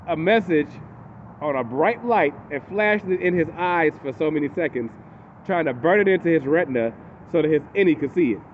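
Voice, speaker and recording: Male recapper, animated and chatty, slightly high voice, phone-like audio with faint hiss. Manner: animated, acts out characters in quotes. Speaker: TV recap host. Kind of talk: casual episode recap.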